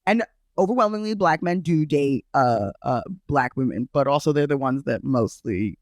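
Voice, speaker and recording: A woman's voice: very deep voice, animated, moderate pace, darkish tone, no echo. Woman, Brooklyn accent, casual podcast chat, emphatic, frank, dry close recording. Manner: emphatic, frank, restarts often. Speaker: podcast co-host.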